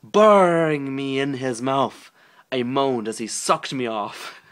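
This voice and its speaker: A man's voice: a little high, normal speed, a bit bright, lightly acted. A man putting on a lustful young Irish singer. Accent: put-on Irish, poorly done. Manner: over-dramatic, stumbling reading. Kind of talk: comic reading aloud in character.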